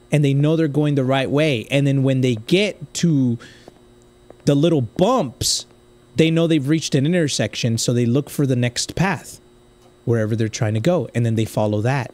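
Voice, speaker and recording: A young man from the United States commenting casually on a game he plays, swinging from quiet muttering to loud outbursts. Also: mid-range voice. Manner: excitable, swings from muttering to yelling. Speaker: gaming streamer.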